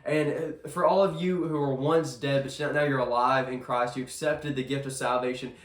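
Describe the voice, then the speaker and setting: A man's voice: medium pitch, steady tone, normal speed. Earnest man preaching in an echoey room. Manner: earnest, conversational, with frequent restarts. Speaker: devotional speaker. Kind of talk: casual devotional sermon. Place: chapel.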